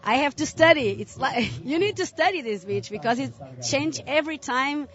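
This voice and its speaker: A woman's voice: sits high, expressive, normal speed, fairly bright tone, muffled recording. A woman athlete interviewed after her heat, friendly and speaking in simple second-language phrasing.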